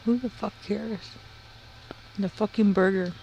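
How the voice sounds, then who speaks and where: Woman, casual stream co-host, mid-pitched, rowdy and jokey, swears freely. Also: fairly even intonation, unhurried, creaky, muffled recording, slight background noise. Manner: loud, joking, swears, drops Spanish slang. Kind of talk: casual livestream chat. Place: home.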